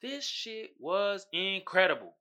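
A podcast host speaks slowly in a high-pitched voice on a muffled recording, recapping a horror movie and reading memes. He stays casual and animated, curses freely, and breaks into loud shouted impressions.

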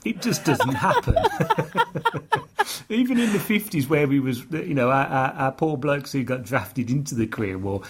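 An English man chatting about a TV episode, talkative and quick to laugh, with frequent stammered restarts. His voice is husky, and his pitch swings up and down a lot as he talks. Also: sing-song. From Britain. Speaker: podcast co-host. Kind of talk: casual chat reviewing a TV episode.

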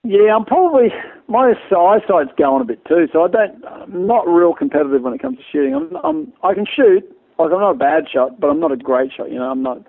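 Gravelly fast-talking Australian man. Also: sits high, very animated. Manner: rambling, storytelling, many restarts. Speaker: guest. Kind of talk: casual interview chat. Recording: tinny phone-like line.

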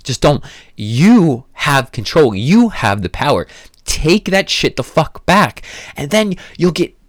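A man's voice: mid-range voice, no room sound, studio quality. A man hosting a podcast, giving a blunt motivational monologue full of swearing and emphatic repeated phrases. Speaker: podcast host.

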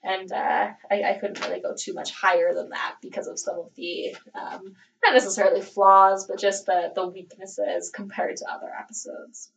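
A woman's voice: medium pitch, fairly even intonation, normal speed, gravelly, few pauses, a bit bright, far from the mic, poor audio. A woman hosting a podcast in casual chat, talking in a chatty way full of "like" and "um". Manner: chatty, lots of "like" and "um", laughs easily. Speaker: podcast host.

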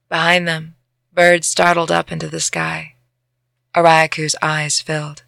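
A woman narrating a fantasy story as an audiobook, with a gravelly voice. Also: fairly low pitch, level tone, moderate pace, bright, forceful tone, no echo, clean studio sound. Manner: breaks into laughter at her own jokes.

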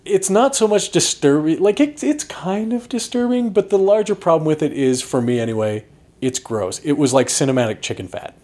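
A man co-hosting a podcast, chatting casually about movies in a rambling way, with lots of restarts. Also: moderate pace. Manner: rambling, restarts often, animated pitch swings. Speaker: podcast co-host reviewing movies. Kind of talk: casual chat.

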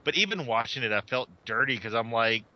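A man hosting a casual podcast chat over a voice call, animated and quick to laugh and swear. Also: medium pitch, dry recording, muffled recording. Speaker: podcast host. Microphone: home mic over a voice call.

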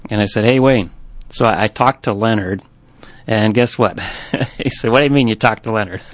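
A man's voice: fairly low pitch, no echo. A man who owns a bookstore, telling rambling anecdotes in an interview with many restarts. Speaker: bookstore owner. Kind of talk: storytelling interview. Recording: dull, lo-fi recording.

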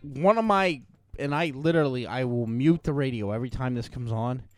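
A man's voice: medium pitch, fairly quick, dry recording. A man co-hosting a podcast, rambling and ranting with lots of profanity in casual chat. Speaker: podcast co-host.

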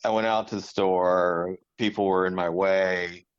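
A man with a very low voice chatting casually and thoughtfully, drifting through his points with ums and restarts. The recording sounds dull and lo-fi, as if the highs were cut off. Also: fairly even intonation, measured pace, clean tone. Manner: reflective, rambling with fillers. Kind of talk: casual chat.

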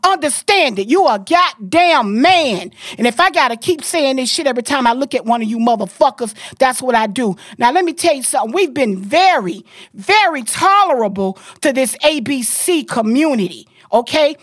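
A woman podcast host, delivering a loud, profane, forceful rant. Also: sits high, lively intonation, moderate pace, no room sound, clean studio sound.

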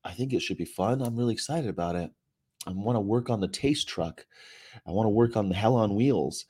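Man, activist livestream host, low voice, sarcastic and rambling, reads chat. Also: a little fast, warm tone, husky. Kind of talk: casual livestream chat reading viewer comments. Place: hotel room.

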